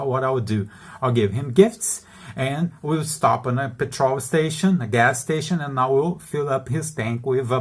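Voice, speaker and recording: A man's voice: mid-range voice, fairly bright tone, slightly rough. Chatty middle-aged man telling travel stories. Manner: chatty, keeps checking in with the listener, laughs between points. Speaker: international salesman sharing travel stories. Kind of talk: casual storytelling monologue.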